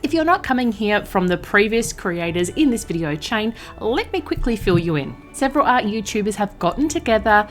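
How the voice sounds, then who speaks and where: An Australian woman who makes art and craft videos, talking in a chatty, expressive way and laughing often. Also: medium pitch, brisk, hardly any pauses, faint music behind. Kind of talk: casual vlog narration.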